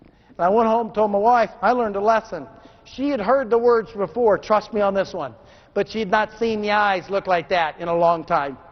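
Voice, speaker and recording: A middle-aged man with a strikingly high voice delivers a motivational speech to a live audience, repeatedly demanding that they answer him back. He alternates between loud exhortation and low, intense passages. The recording is dull and lo-fi. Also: normal speed, big-room sound. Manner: call-and-response, demands the crowd answer; swings between shouting and hushed intensity. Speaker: motivational speaker. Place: large room with an audience.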